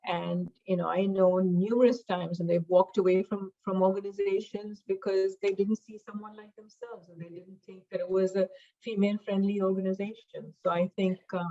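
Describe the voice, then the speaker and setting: A middle-aged woman guest on a podcast, speaking in a measured way with many fillers. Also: medium pitch, flat delivery, dark tone, dull audio. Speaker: podcast guest, diversity expert. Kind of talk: conversational interview.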